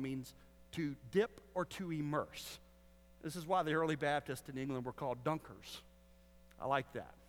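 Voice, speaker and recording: A man's voice: fairly high pitch, fairly bright tone. A man preaching a sermon as a Baptist pastor, teaching with joking asides to the congregation. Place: church sanctuary. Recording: long hall reverb.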